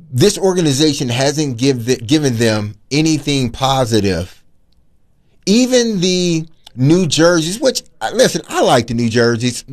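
An opinionated man co-hosts a sports radio show, talking through his views in an animated, conversational way and often repeating words as he goes. His pitch moves around a lot as he makes his points.

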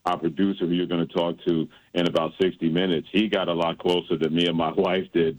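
A man's voice: low-pitched, poor audio. A man hosting a sports radio show, telling stories and teasing his co-host. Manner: teasing, storytelling.

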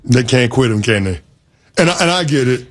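Measured man co-hosting sports radio. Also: medium pitch, lively intonation.

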